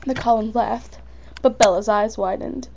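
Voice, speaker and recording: A woman's voice: on the high side, steady tone, measured pace, creaky, darkish tone, highs cut off, a little hiss or hum. Young woman casually reading her fan story. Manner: casual, unpolished reading with fillers and slips. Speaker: fan fiction reader.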